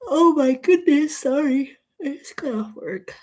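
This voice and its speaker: A woman's voice: high-pitched, expressive, measured pace, darkish tone. A woman giving a casual tarot reading to camera, rambling off into tangents and laughing often between remarks. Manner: chatty, drifts into tangents. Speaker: tarot reader.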